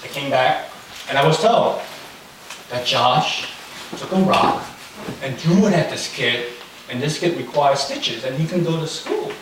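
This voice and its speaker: A man's voice: mid-range voice, sing-song, unhurried, pauses often. A young man preaching in a casual, storytelling way, chatty with many fillers. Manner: chatty, anecdotal, lots of fillers. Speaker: pastor. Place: church hall. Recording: very echoey room, far from the mic, faint noise.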